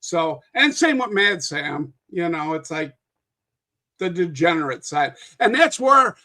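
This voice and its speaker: A man with a high, bright voice chats casually as a podcast guest. He rambles through long stories, restarting sentences and swearing now and then. He sounds like an unscripted conversation. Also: very animated, unhurried. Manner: rambling, with frequent restarts and profanity.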